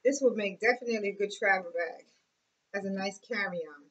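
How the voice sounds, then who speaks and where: A woman in her forties chatting excitedly and emotionally through a casual unboxing vlog. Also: mid-range voice, fairly quick, highs cut off. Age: 40s. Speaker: YouTube vlogger.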